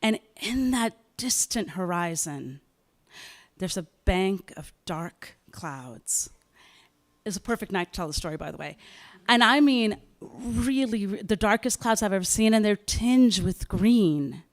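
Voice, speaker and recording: A woman novelist tells a story at a live writers' event, animated and dramatic, acting out bits of dialogue. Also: mid-range voice, normal speed.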